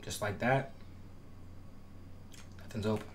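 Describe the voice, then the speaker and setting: Slow and lowish in pitch, over a faint hiss or hum, a male gaming tutorial creator explains defensive setups in a relaxed gameplay tutorial. His delivery is instructive, emphatic and repetitive, full of firm promises, with his voice cracking at times.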